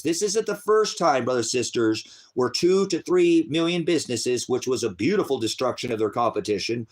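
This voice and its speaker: A middle-aged man hosting an online ministry channel, delivering an angry, profane political rant that swings between low mutters and loud outbursts, with frequent restarts. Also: lively intonation, normal speed, hardly any pauses. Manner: heated, profane, repeats words and restarts.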